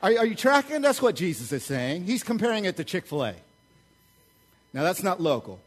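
A pastor with a voice that sits high for a man delivers a lively sermon at a brisk clip. He's fired up yet conversational, checking in with the congregation as he goes.

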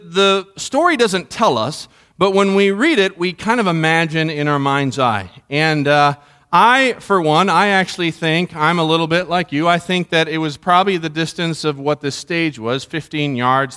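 A middle-aged pastor giving a sermon from a church stage, chatty and asking the congregation questions. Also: male voice, on the high side, sharp tone. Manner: conversational, asks the congregation questions.

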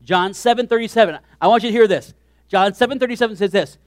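A man preaching a sermon as pastor, animated, swinging from hushed asides to shouted lines. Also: sits high, fast talker, no echo, clean studio sound.

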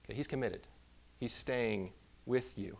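A man's voice: medium pitch, measured pace, gravelly, highs cut off. A man preaching a sermon in a conversational way, now and then acting out the voices of the people he describes. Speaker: pastor.

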